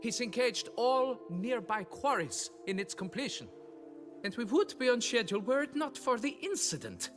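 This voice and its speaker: Game role: shrill, excitable, penny-pinching foreman, fussy and wheedling. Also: normal speed, over music. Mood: pleading. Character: flustered, stingy middle-aged male quarry foreman. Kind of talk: video game dialogue.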